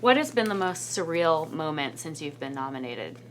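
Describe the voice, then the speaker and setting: A woman's voice: low-pitched, very animated, normal speed, fairly bright tone, a little hiss or hum. A woman interviewer asking questions and giving brief, encouraging responses.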